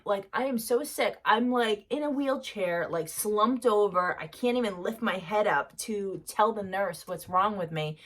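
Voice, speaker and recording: A woman speaks straight to the camera about her own life. Her talk is candid and loose, with plenty of fillers. Her voice sits at an ordinary middle pitch. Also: fairly bright tone. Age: 30s. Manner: candid, conversational, many fillers. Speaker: vlogger sharing her recovery story. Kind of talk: personal storytelling to camera.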